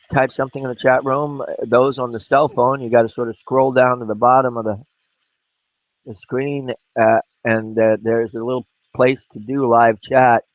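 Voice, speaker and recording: Man, raspy from a cough, casual live-stream chat, rambling, dry lo-fi recording. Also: mid-range voice, no room sound. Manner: rambling, talks to viewers while working. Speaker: glass artist streaming live.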